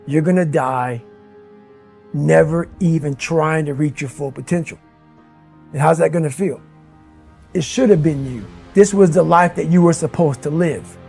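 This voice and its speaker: A man's voice: fairly high pitch, moderate pace, vocal fry, long pauses, mellow, slightly rough. A middle-aged man from the United States giving blunt, profane motivational talk and calling listeners "man" and "bro". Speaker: motivational speaker. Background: faint music.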